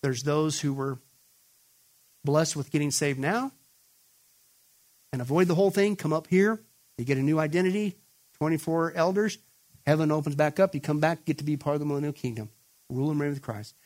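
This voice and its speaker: A man's voice: a little fast, pauses often. A man preaching a sermon, talking straight to his listeners and pushing his points hard. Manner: emphatic, builds to raised, excited pitch when quoting; addresses listeners directly as folks. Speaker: pastor.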